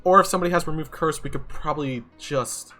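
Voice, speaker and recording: A man playing in a tabletop game, trading quick teasing remarks with the other players. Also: on the high side, pushed and bright, soft background music. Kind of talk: casual tabletop game banter.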